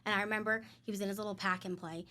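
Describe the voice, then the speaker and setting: A woman guest in a casual podcast conversation, telling personal stories in an animated way and acting out what people said. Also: medium pitch, rapid-fire. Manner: animated storyteller, acts out quotes, emphatic.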